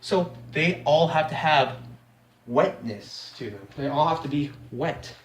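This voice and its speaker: A man's voice: fairly high pitch, animated, measured pace, a little hiss or hum. Exasperated rambling young-sounding man. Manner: exasperated, rambling, frequent restarts. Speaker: vlogger. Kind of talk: casual rant to camera. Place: apartment.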